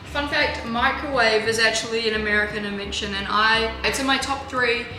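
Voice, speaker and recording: A woman's voice: fairly high pitch, steady tone, a little fast, sharp tone, reverberant, soft background music. A young woman from New Zealand with a New Zealand accent, chatting offhandedly and jokingly while she bakes for a cooking vlog. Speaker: cooking vlogger. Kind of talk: casual cooking vlog chat.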